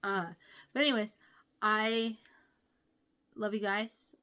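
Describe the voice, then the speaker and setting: A woman's voice: mid-range voice, steady tone, slow, bright, forceful tone. A young woman hosting a casual book review vlog, gushing and chatty with many fillers.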